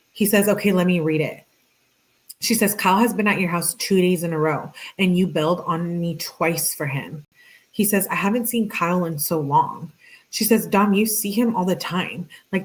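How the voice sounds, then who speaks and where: A young adult woman reading out text messages between two people, adding sarcastic commentary as a true crime host. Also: fairly low pitch. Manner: reads both sides flatly, interjects sarcastic asides.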